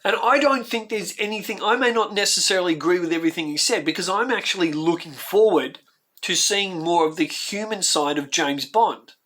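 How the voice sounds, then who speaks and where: A man's voice: high-pitched, fairly quick, fairly bright tone. An Australian man hosting his own channel, giving heartfelt, rambling reaction commentary that circles back on itself, and getting emotional as he talks. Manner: heartfelt, ranting, repeats himself. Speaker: YouTube host.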